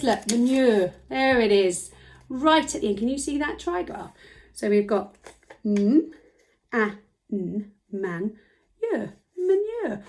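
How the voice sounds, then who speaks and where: A woman teaching a children's phonics lesson from home, encouraging and talking straight to the young viewers. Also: on the high side. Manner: animated, encouraging, talks directly to children.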